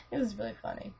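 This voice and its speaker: A woman's voice: a little high, gravelly, a little hiss or hum. A young woman telling a friend about a dream in a casual, rambling way, giggling and saying "like" a lot. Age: young adult. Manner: rambling, giggly, full of "like" and restarts. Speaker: student vlogger. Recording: lo-fi webcam audio.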